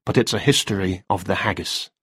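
Flustered freelance writer, hesitant and rambling, low husky voice, read by a man. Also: a little fast, sharp tone, no room sound, studio quality, full character voice.

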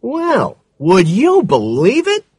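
A male reader voicing a brisk, matter-of-fact male police captain in an audiobook, in a noticeably higher voice than his own. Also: huge pitch swings, a bit bright, slightly rough, no echo, full character voice. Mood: dry, approving. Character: gruff middle-aged male police captain.

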